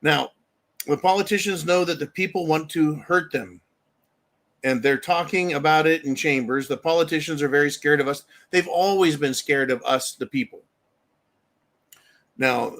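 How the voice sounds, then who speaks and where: A man's voice: on the high side, fairly bright tone. A man hosting a political commentary show, ranting angrily and emphatically, with frequent profanity. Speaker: host.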